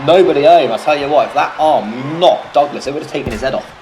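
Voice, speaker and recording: A man's voice: mid-range voice, fast, darkish tone, a little hiss or hum, rough recording. A British man doing casual, rambling solo play-by-play commentary of a wrestling video game, swearing freely and drifting into jokey tangents.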